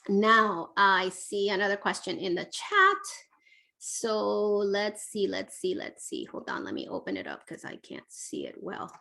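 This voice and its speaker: Chatty woman giving parenting advice live. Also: medium pitch. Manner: warm conversational coaching, frequent fillers, reads questions aloud. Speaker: parenting expert answering viewer questions. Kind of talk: live online Q&A, casual advice.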